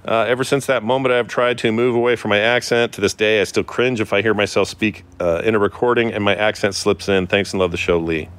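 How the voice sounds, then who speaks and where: A man's voice: fairly low pitch, steady tone, fast, few pauses, a bit bright, smooth. A man co-hosting a casual podcast, joking and rambling as he reads listener emails aloud. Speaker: podcast co-host. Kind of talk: casual chat.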